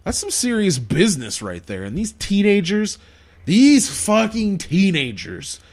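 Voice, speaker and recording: A man's voice: high voice, huge pitch swings, unhurried. A man hosting a casual podcast chat, laughing often and swearing freely. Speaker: podcast host.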